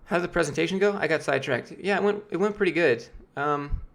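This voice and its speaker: Losing his voice, a late-twenties Georgia man rambles casually through his live-stream chat's questions, using plenty of fillers and restarting often. He talks fast, with a fairly high, gravelly, slightly bright voice.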